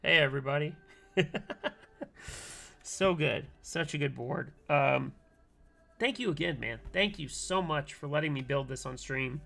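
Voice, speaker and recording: A man with a hoarse voice he says is going out, chatting casually with his viewers at the end of a keyboard-building livestream, with plenty of ums and easy laughs. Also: a little high, unhurried, long pauses, faint music behind. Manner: relaxed and thankful, many ums and laughs. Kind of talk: casual livestream wrap-up chat.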